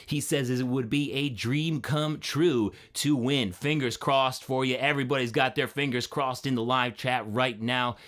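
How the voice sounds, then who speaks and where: A man hosting a live stream, energetic and friendly, greeting chat viewers one by one by name. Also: mid-range voice, a little slow, hardly any pauses.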